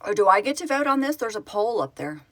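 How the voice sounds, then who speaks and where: A woman who founded a fan project, hosting a casual live stream, answering viewers' comments in an excitable, gushing way and laughing often. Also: mid-range voice, fast talker.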